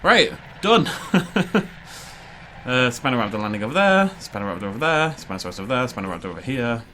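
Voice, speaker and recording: A man's voice: mid-range voice, big pitch swings, fairly quick, sharp tone, a little hiss or hum. A young man from Wales, hosting a casual let's-play, rambling and joking with frequent laughs. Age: young adult. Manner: rambling and jokey, laughs often. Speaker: gaming video host.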